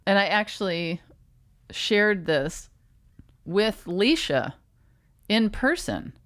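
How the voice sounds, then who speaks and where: Hiccupping woman telling a dry, halting story. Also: mid-range voice, expressive, a bit bright, no room sound. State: has the hiccups. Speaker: podcast co-host, comedian. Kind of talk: casual storytelling chat.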